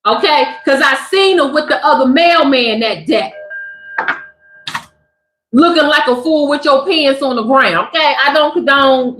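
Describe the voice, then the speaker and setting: A high-voiced woman hosts a spiritual livestream. She preaches to her chat in animated, slangy talk. Her voice rings in a roomy, echoey space. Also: unhurried, a little hiss or hum.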